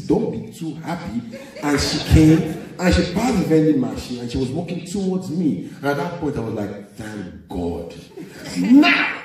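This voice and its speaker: A middle-aged Nigerian man with a Nigerian accent, doing live stand-up storytelling in a big venue and acting out the voices in his anecdotes. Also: a little high. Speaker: stand-up comedian. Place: large live venue with audience laughter. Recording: very echoey hall from far off.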